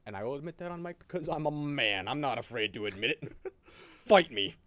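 A man hosting a podcast in casual chat, telling animated stories, swearing often and laughing a lot. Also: medium pitch, fast talker, dry recording. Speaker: podcast host.

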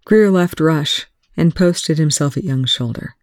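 A reader narrating fan fiction aloud in a steady, even manner with a gravelly voice. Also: mid-range voice, a little slow, no echo, studio quality. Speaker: audiobook reader.

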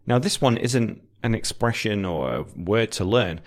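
A British man, an English teacher, explaining words and repeating example sentences slowly and clearly for learners. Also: lowish voice, animated.

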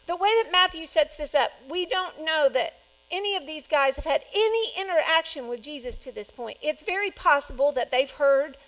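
High-voiced woman preaching a lively sermon. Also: low-quality recording. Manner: lively, conversational, acts out quotes.

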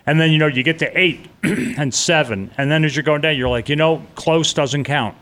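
A man's voice: on the high side, fairly bright tone. Middle-aged new guy telling his escape story, earnest, keeps restarting, does the voices of people around him. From New York. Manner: earnest, halting retelling with frequent restarts, acting out remembered voices. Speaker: interviewee recounting a disaster escape. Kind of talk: personal storytelling in conversation.

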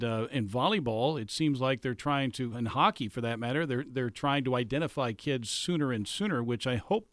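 A man's voice: mid-range voice, fairly bright tone, no echo. A man guesting on a sports radio show, talking casually and rambling with many restarts. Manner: rambling, lots of restarts and "you know".

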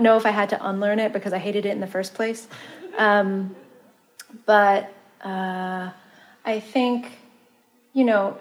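A woman speaker answering audience questions in a chatty, expressive way, with plenty of ums along the way. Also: medium pitch. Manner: chatty and expressive, with lots of fillers. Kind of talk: casual Q&A answer.

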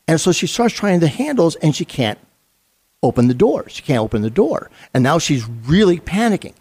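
A man's voice: fairly high pitch, sing-song, a little fast, a little mellow, slightly rough. A middle-aged man, a retired police sergeant, telling a story in an interview in an earnest, conversational way with fillers and restarts.

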